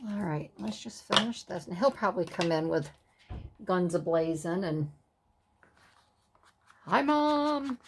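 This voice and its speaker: A woman's voice: fairly low pitch, moderate pace, background noise. A middle-aged woman hosting a casual crafting tutorial, chatting in rambling, self-amused asides as she works. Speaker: craft video host.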